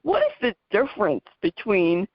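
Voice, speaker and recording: A woman's voice: mid-range voice, huge pitch swings, moderate pace, no room sound. Chatty New Jersey woman hosting radio. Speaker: radio talk show host. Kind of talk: radio interview. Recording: dry, dull lo-fi radio audio.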